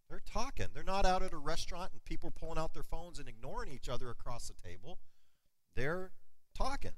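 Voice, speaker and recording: A middle-aged man preaching a sermon as pastor, telling stories and slowing down to stress key words. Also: fairly high pitch, no room sound, poor audio. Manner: animated storytelling preacher, slows for emphasis.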